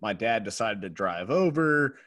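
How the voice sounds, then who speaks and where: A man co-hosting a casual podcast who tells a story in an animated way. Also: fairly low pitch, a little slow. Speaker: podcast co-host. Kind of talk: casual chat.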